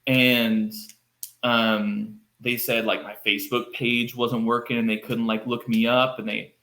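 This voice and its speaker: Animated man telling a story in a roomy space. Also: mid-range voice, measured pace. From Texas, United States. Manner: animated, acts out quoted lines with fillers. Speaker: podcast guest. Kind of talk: casual storytelling. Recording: roomy echo.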